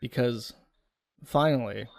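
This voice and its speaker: A man with a gravelly, fry-edged voice hosts a casual panel discussion. He talks bluntly, with a sardonic edge. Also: mid-range voice, slow, a little mellow. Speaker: host.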